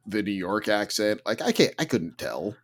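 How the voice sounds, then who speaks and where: A man co-hosting a casual gaming podcast, talking with big excited swings in his voice. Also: normal speed. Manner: animated, swings pitch sharply when excited. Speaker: podcast co-host. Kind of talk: casual chat.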